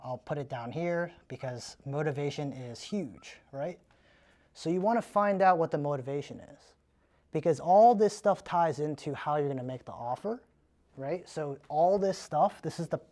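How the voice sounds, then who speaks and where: A man giving a live sales training in a casual, energetic way, often tagging his points with "right?". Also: on the high side.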